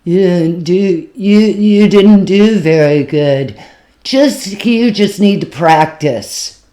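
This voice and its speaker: A woman playing a very drunk male audience member who talks too loud and stumbles over his words. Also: sits high, slow, pitched above the performer's own voice. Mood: pushy.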